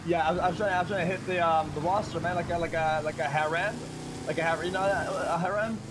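A man's voice: fairly high pitch, fairly even intonation, fast, background noise. A young man in casual role-play banter, rambling and hesitant with lots of fillers. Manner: rambling, hesitant, laid-back.

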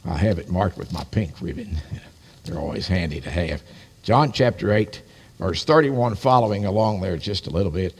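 A man's voice: deep voice, animated, moderate pace, a little mellow, husky. An older man, a pastor, preaching a sermon in a folksy, storytelling way with friendly asides. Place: church sanctuary. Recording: live-streamed church service with long reverb.

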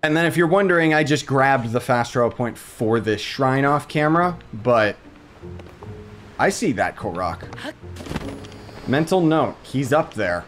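A man's voice: medium pitch, animated, unhurried, pauses often, fairly bright tone, faint music behind. A young man giving rambling let's-play commentary as he plays a video game. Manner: chatty, rambling with fillers. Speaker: gaming streamer.

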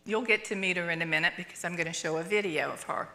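An older woman teaching in church, telling a personal story in an animated way, acting out what people said. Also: fairly low pitch, quick pace. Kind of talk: storytelling sermon. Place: church sanctuary.

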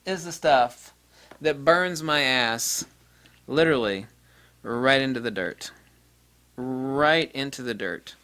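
A man giving an off-the-cuff repair tutorial, blunt and profane, ranting and mimicking people in high-pitched quotes. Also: slow pace, pauses often, sharp tone. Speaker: DIY repair presenter.

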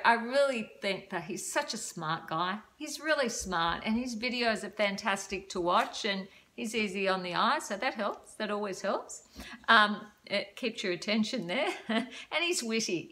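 A woman's voice: medium pitch, sharp tone. An older woman in casual chat to camera, giving dating advice, chatty and self-deprecating, laughing often.

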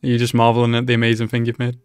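A man's voice: mid-range voice, very fast, clean tone, dry recording, clean studio sound. A man hosting an anime reaction video, chatting casually to the screen and laughing often. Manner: laughs often, excitable exclamations and asides to the screen. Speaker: anime reaction channel host. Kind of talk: casual live reaction commentary.

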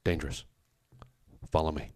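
A man voicing a stern, curt male street dealer in a told story, speaking in clipped, low phrases. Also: moderate pace, dark tone, close to an everyday voice.

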